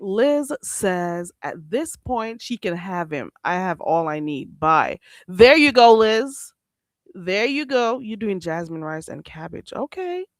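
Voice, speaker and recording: Woman, livestream host, sassy, blunt, lively swooping pitch, dry close sound. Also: takes it slowly, no echo. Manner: blunt and sassy, with lots of "baby" and "you hear me"; animated, swinging between loud outbursts and laughter. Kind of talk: casual livestream chat with viewers.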